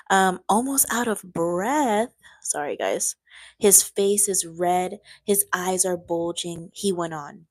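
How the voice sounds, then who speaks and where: A woman's voice: fairly low pitch, lively intonation, slow pace, no echo. A young woman reading a book aloud on a live stream, breaking off now and then to chat with viewers.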